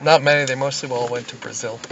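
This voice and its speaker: A man's voice: medium pitch, fairly even intonation, quick pace, lo-fi sound, noisy background. A man co-hosting a podcast, telling jokes in a loose, profane, rambling way. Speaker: podcast co-host. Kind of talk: casual chat, telling jokes.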